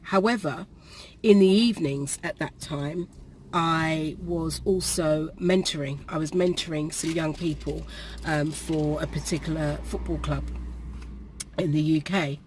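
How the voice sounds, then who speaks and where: A woman, telling a personal story to the camera in a halting way, with pauses and restarts, while perspiring. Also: sits low, steady tone, darkish tone, slight background noise. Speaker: vlogger. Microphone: camera facing her.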